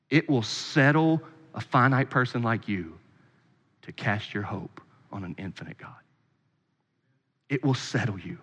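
A man preaching a sermon as a pastor, emphatic and repetitive, often dropping suddenly to a quiet voice. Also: medium pitch, in a large hall.

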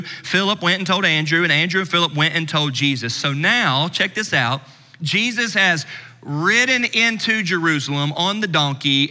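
Middle-aged male pastor, bright and forceful, lively conversational preaching, echoing church hall. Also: fairly high pitch. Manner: conversational preaching, swings from animated to hushed. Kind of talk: sermon. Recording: long reverb of a church hall.

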